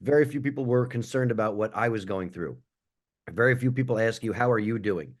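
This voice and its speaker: A man speaks on an online grief panel in an earnest, reflective way. His voice sits at an ordinary middle pitch. He winds through his thoughts and lets the ends of his sentences fade. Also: fairly quick, a little hiss or hum. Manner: earnest, reflective, trails off quietly. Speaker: panelist, comedian and podcaster.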